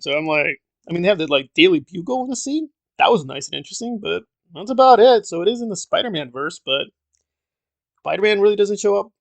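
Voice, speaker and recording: A man reviews a film in a casual monologue, blunt and exasperated, often trailing into fillers. His voice is a touch high and gravelly with fry. The sound is dry and close, with no room around it. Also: no room sound.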